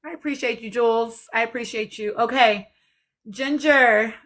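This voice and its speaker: A woman's voice: on the high side, normal speed, a bit bright. A woman hosting a live panel discussion, earnest and reflective, calling her viewers y'all. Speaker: live stream host.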